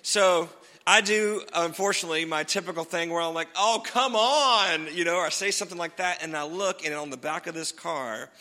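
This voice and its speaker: Bright-voiced pastor preaching in a hall. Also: male voice, on the high side, steady tone, fast. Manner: conversational, self-deprecating, laughs often. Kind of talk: sermon.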